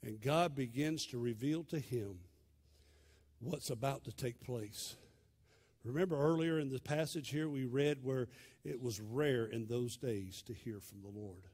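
A male pastor, preaching a sermon in a dramatic storytelling way that swings from loud to hushed. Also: mid-range voice, measured pace, breathy edge.

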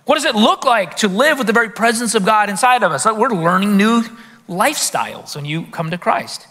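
A man preaching a sermon to a congregation in a lively way, often putting rhetorical questions to the room. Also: high voice, a little fast. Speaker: pastor. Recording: long reverb of a large hall.

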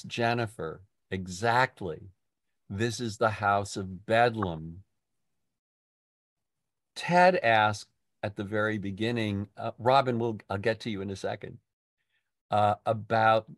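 An older man leading a poetry discussion group, talking in a halting way with many restarts and fillers. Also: lowish voice, no room sound, studio quality. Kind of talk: casual literary discussion.

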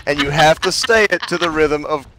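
A man's voice: on the high side, a little fast, very noisy. A man trading crude, mocking banter with friends during online play. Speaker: gamer on a group stream.

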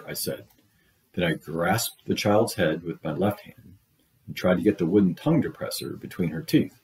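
A man reading a short story aloud in a steady, measured way, voicing the dialogue as he goes. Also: sits low, rough recording. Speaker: audiobook reader. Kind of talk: read-aloud literary narration.

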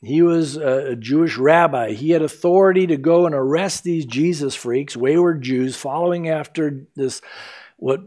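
Animated, conversational male pastor. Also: fairly high pitch, moderate pace. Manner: conversational, acts out quotes in lively voices. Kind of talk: casual verse-by-verse sermon. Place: church sanctuary.

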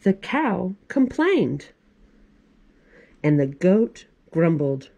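A woman's voice: lowish voice, big pitch swings, very slow, gravelly, warm tone, muffled recording. A woman in her forties, a children's librarian, reading a picture book aloud in a library with chatty asides to kids. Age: 40s.

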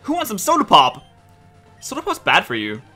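A high-voiced man talks over his gameplay in a bright, tense tone, and his pitch swings widely. He is excitable and exasperated and swears freely. Faint music plays behind him. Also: normal speed. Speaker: let's play host. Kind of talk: gameplay commentary.

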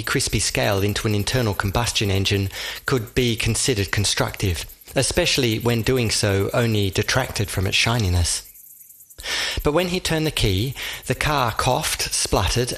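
Measured male storybook narrator. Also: mid-range voice, a bit bright. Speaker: audiobook narrator.

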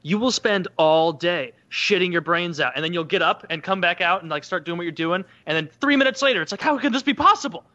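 A man with a bright, fairly high voice jokes crudely and mockingly on a casual podcast. The audio sounds a little dull and lo-fi. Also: brisk, few pauses, dry recording. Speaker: podcast co-host.

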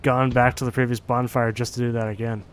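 A man's voice: medium pitch, little pitch movement, quick pace, noisy background. A man hosting a gameplay video, joking and teasing his friend as they play. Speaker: host of a gameplay channel. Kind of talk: casual gameplay chat.

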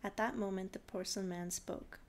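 A woman reading a short story aloud at home, relaxed and unpolished. She keeps a middle pitch and an easygoing storyteller's delivery. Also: a little fast, slight background noise. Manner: relaxed and informal, laughing off slips.

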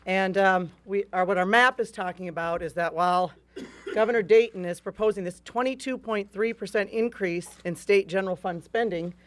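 A woman's voice: medium pitch, normal speed. A woman, a legislative leader, giving conversational remarks at a news conference with frequent fillers.

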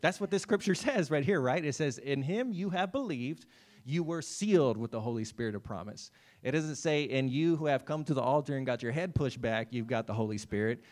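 A man's voice: medium pitch, lively intonation, brisk, darkish tone. Conversational preaching pastor, man. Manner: conversational preaching, addresses listeners by name, frequent "right?" and "amen". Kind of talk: sermon. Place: church service.

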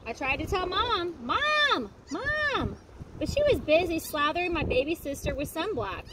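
Woman reading a kids book out loud by the lake, high bouncy voice, noisy outdoor sound. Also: brisk. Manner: lively, expressive storytelling. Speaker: storybook reader. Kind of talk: reading a picture book aloud. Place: outdoors at a lakefront.

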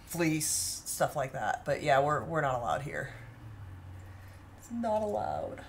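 A woman's voice: low voice, wildly swooping pitch, slow, slight background noise. A woman co-hosting a home baking vlog, chatty and giggly, reading viewer comments aloud as she talks. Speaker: baking vlog co-host reading live chat. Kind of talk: casual chat.

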